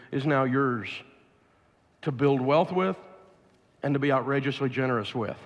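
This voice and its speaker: A man with a Southern US accent giving a blunt, emphatic, preachy money seminar to a live audience. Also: medium pitch. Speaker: financial speaker. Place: large live event venue. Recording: long hall reverb from a large venue.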